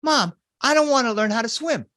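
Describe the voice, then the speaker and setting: A man voicing a pleading little boy of about three, in a high, whiny voice. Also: lively intonation, fairly quick, sharp tone, dry recording, clean studio sound, full character voice.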